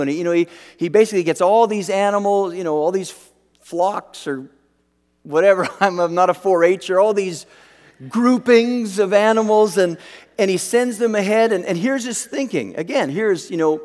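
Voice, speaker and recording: A middle-aged man preaching a sermon, telling stories with lively acted-out quotes and frequent restarts. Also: high-pitched, moderate pace. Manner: animated storyteller, acts out quotes, frequent restarts. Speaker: pastor. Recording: long hall reverb.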